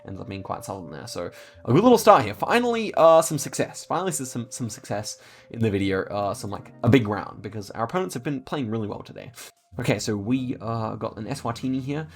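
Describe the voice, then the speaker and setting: A man's voice: fairly low pitch, brisk, gravelly. A man giving casual commentary on his own game, thinking aloud and stumbling over words with frequent fillers.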